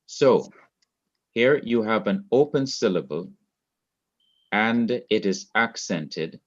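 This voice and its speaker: Man, slow deliberate lecturing, lowish voice, dull lo-fi laptop sound. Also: expressive. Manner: slow, deliberate, repeats key points. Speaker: Hebrew language teacher. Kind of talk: online classroom lecture. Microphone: laptop mic.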